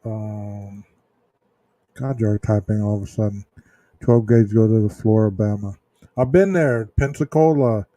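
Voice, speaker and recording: A man's voice: fairly low pitch, a little slow, mellow, no echo. A man hosting a true-crime livestream, chatting casually with viewers in chat, rambling with fillers and restarts.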